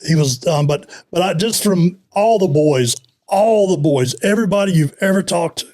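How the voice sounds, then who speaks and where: A man's voice: high voice, animated, moderate pace, a little mellow. A man co-hosting a podcast, chiming in casually with short remarks and jokes. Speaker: podcast co-host.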